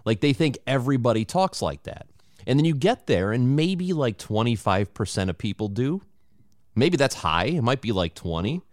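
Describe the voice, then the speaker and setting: A man's voice: mid-range voice, moderate pace, no echo, clean studio sound. A man hosting a podcast, chatting casually and joking, with frequent laughs. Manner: animated, laughs often, joking. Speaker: podcast host.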